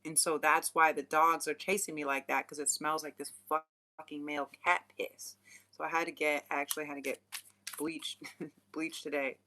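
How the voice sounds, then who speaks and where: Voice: medium pitch, little pitch movement, moderate pace, pushed and bright. A young adult vlogger chatting casually, laughing often and swearing freely in loose slang. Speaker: spiritual channeler and vlogger. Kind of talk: casual rambling chat.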